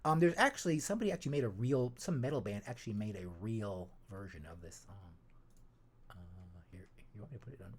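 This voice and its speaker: A man's voice: lowish voice, lively intonation, quick pace, husky. A man hosting a podcast in a casual, rambling chat, with many restarts and fillers. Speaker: podcast host.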